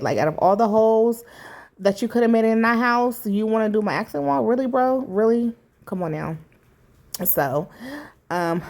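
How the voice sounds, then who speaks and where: A woman's voice: mid-range voice, a little mellow. A middle-aged woman talking candidly through a home repair in a chatty, casual vlog, with many fillers along the way. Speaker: vlogger. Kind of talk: casual DIY vlog narration.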